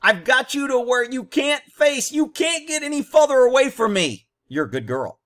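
A man's voice: extremely high pitch, normal speed, a bit bright. A man hosting a commentary on a training video, talking bluntly and combatively in short, punchy explanations.

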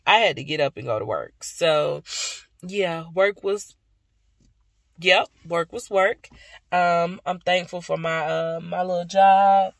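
A woman's voice: lowish voice, slow, gravelly, no echo. A young woman vlogging casually to her viewers, chatty and affectionate, tired after a day of work. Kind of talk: casual vlog chat to viewers.

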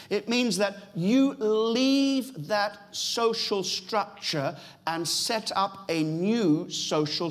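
A middle-aged British pastor preaches a sermon in church with a high voice. He is emphatic, repeats key phrases, and addresses the congregation directly.

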